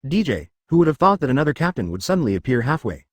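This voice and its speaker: A man narrating a fan-made story in scripted narration, with a steady reading manner. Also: medium pitch, fast, no echo, studio quality.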